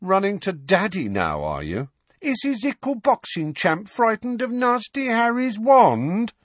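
A defiant teenage boy fires off sarcastic jabs, in a voice a man puts on. The tone is husky and raised high. His lines jump around in pitch. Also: huge pitch swings, unhurried, no echo, heavily acted. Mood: taunting. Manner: mocking, sarcastic. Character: defiant teenage boy, sharp-tongued and mocking.

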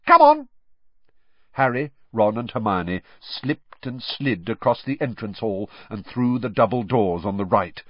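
A man narrates a storybook with animated, expressive delivery in a low, husky voice. His pitch moves a lot from line to line. The sound is dull and dry, with no room echo. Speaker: audiobook narrator. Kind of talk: scripted narration.

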